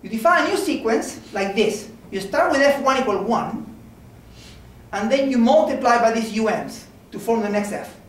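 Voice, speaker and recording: A man's voice: very high voice, lively intonation, moderate pace, a bit bright, slight background noise. A man giving an informal mathematics seminar lecture, talking conversationally and often checking in with "okay?" and "right?". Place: lecture room. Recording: very echoey room from a distance.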